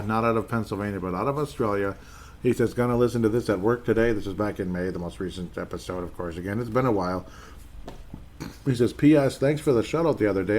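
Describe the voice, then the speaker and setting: A man's voice: fairly low pitch, a little mellow. A man in his forties hosting a solo sports podcast, chatty and rambling, often correcting himself mid-sentence as he reads listener messages. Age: 40s. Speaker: podcast host. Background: faint background noise.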